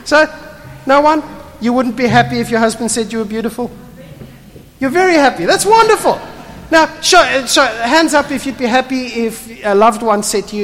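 A pastor delivering a sermon with a lively, swooping delivery that rises and falls, chatty and blunt, often tossing rhetorical questions to the room. The voice carries through a large church hall with a long, lingering reverb. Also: mid-range voice, moderate pace, long pauses. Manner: animated, conversational, asks rhetorical questions; blunt and emphatic.

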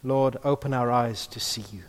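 A man in the role of pastor, praying softly and then preaching with emphasis. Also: mid-range voice, moderate pace. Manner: hushed in prayer, then lively and emphatic preaching. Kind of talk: prayer and sermon. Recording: long reverb of a large hall.

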